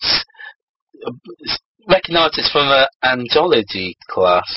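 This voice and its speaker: Brief: giggly comedic co-host, animated delivery, faint background noise. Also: male voice, medium pitch, unhurried, lo-fi sound. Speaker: co-host reading stories. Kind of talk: comedic casual chat and reading aloud.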